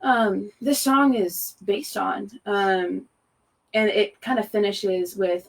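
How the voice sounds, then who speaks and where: Speaking slowly with vocal fry, a young woman leading worship talks about a song between sets in a mid-range, fairly even voice. Her devotional chat is casual and full of "um" and "like", with easy laughter.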